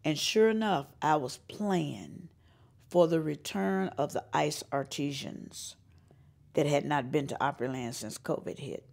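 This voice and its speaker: A woman's voice: low-pitched, unhurried, creaky. An older woman from North Carolina, a singer-songwriter telling stories in an interview and acting out the voices of the people in them. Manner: animated storyteller, acts out quoted voices, laughs often. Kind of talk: storytelling interview.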